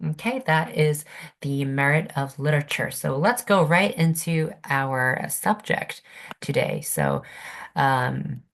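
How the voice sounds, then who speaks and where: Slow, patient woman teaching online. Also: deep voice, very animated, creaky. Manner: slow, patient, checks in with students. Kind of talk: online literature class. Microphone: computer mic on video call.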